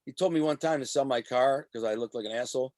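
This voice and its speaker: A man who was once a mob associate, telling his story in a casual interview. He talks in a profane, animated way and acts out the voices of the people in his stories. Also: medium pitch, quick pace, no echo. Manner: animated, profane street talk.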